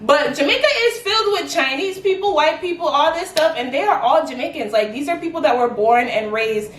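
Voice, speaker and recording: A young adult woman chatting to camera in a casual vlog, animated and quick with "like" fillers. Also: high voice, a little hiss or hum. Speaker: vlogger. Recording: echoey room, mic at a distance.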